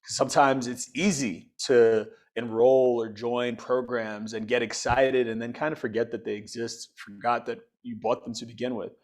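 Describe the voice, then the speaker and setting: A man's voice: mid-range voice, flat delivery, normal speed, few pauses. A man guesting on an interview show, talking enthusiastically about teaching and using everyday comparisons to explain things. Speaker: podcast guest, financial educator. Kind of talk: upbeat interview talk.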